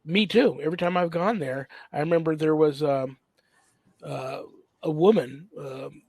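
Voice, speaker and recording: Guy hosting, a priest, kinda high voice, dry close sound, lots of ums and uhs. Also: unhurried, gravelly, a little mellow, husky, no echo. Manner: hesitant, many ums and uhs while telling a story. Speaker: host and priest. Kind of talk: casual interview chat.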